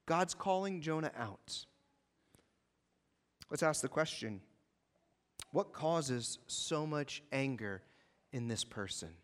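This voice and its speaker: Impassioned high-voiced male preacher. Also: lively intonation, slow pace, pauses often, long reverb tail. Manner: impassioned preaching, swings between loud emphasis and quiet. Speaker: pastor. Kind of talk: sermon.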